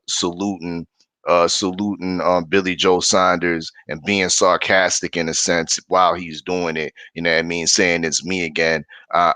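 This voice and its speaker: A man's voice: deep voice, bright, forceful tone, no echo, low-quality recording. A man hosting a casual boxing chat, rambling with lots of fillers and restarts. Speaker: podcast panel host. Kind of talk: casual fight-prediction chat.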